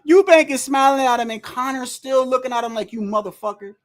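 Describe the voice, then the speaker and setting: Calling a boxing fight live for a stream, this host talks briskly in a high voice, breaking into loud, excited outbursts. Slang and swearing pepper the rambling commentary, which keeps restarting and repeating words. It's a casual watch-along recorded indoors at home while wind and the street can be heard outside.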